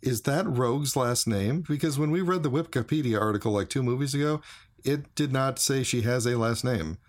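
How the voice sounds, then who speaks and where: A man's voice: mid-range voice, fairly quick. A man co-hosting a casual podcast, retelling a movie's plot in a plain, matter-of-fact way. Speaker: podcast co-host. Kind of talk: casual movie recap chat.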